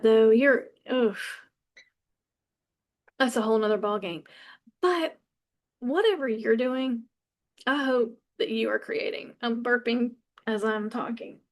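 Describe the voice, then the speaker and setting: Passionate, blunt woman in her fifties. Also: fairly high pitch. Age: 50s. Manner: passionate, blunt and profane, with halting restarts. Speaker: podcast host. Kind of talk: candid personal monologue.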